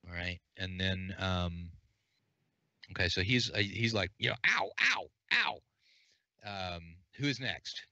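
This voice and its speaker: A man running a tabletop game as game master, relaxed and chatty, thinking aloud with fillers. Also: sits low, unhurried, no room sound. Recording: dull, dry lo-fi sound.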